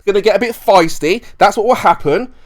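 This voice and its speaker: Insistent high-voiced man arguing. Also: fast. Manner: insistent, repeats his questions. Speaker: live stream participant. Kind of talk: heated live voice-chat argument.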